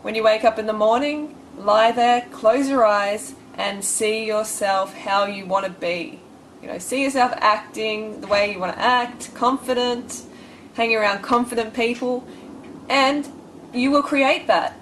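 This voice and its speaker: A woman's voice: on the high side, unhurried, fairly bright tone, a little hiss or hum, rough recording. A young woman giving blunt, bossy, tough-love advice in a motivational vlog.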